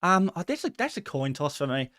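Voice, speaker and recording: A man's voice: a little high, big pitch swings, pushed and bright, no room sound. Man hosting a casual live stream, dry sound. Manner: friendly, quick, reads out viewer messages and answers them. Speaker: host answering viewer questions.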